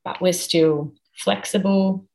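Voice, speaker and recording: A woman guest expert speaking in an interview, explaining at a measured, patient pace and working through ideas step by step. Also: on the low side, steady tone, vocal fry, darkish tone, rough recording. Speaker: guest expert on the nervous system.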